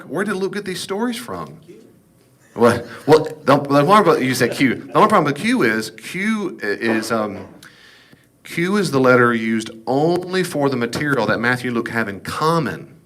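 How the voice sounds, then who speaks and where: A man's voice: medium pitch, very animated, normal speed, fairly bright tone, a little hiss or hum. A man giving a casual, folksy Bible class lecture, with jokes and asides. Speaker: Bible teacher.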